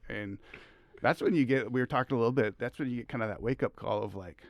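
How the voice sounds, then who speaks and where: A middle-aged man, a high school track coach, telling rambling stories as a podcast guest, laughing often. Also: fast talker, no echo, lo-fi sound. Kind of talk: casual podcast conversation.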